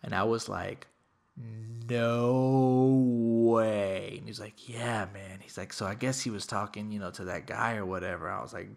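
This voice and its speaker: A young Texan podcast host tells a casual, profanity-heavy story, loudly acting out quoted lines. His lowish, creaky voice stays steady in tone as he talks fast with hardly any pauses.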